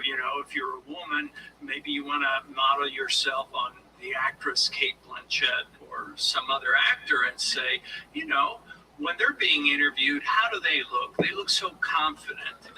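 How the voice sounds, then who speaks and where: Bright-voiced man coaching a lecture audience. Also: medium pitch, far from the mic, slight background noise, poor audio. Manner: demonstrative, deliberate, coaching the audience. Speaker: former law enforcement officer turned speaker. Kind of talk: motivational lecture.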